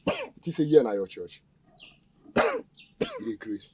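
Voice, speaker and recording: A man's voice: on the high side, wildly swooping pitch, unhurried, gravelly, crowd noise, exaggerated voice. An actor playing a menacing male kidnapper, threatening his captive in Nigerian Pidgin English. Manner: threatening, barking orders, Pidgin slang. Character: menacing male kidnapper thug, violent and contemptuous. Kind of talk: Nollywood film acting.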